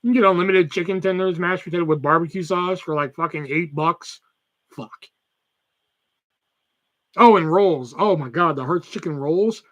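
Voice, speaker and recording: A man's voice: a little high, normal speed, pauses often, fairly bright tone, highs cut off. A young man, chatting casually and swearing freely on a live stream while reading chat messages aloud. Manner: profane, rambling, reads chat aloud. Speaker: livestream host.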